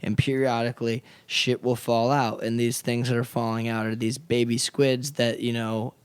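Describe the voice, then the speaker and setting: A man's voice: mid-range voice, level tone, normal speed, clear, resonant tone. Man, podcast co-host, rambling recap style with many fillers; mid-range voice. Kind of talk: casual podcast chat.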